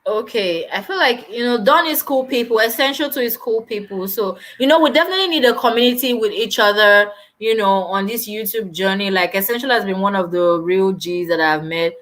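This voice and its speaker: A woman's voice: mid-range voice, brisk, few pauses, a bit bright. A young woman hosting a live stream, chatting casually and animatedly while answering viewer comments.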